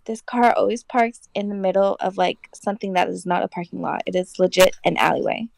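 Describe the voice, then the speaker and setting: A woman guest on a podcast in casual chat, giggly and animated as she tells stories over an online call. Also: mid-range voice, fairly quick, creaky.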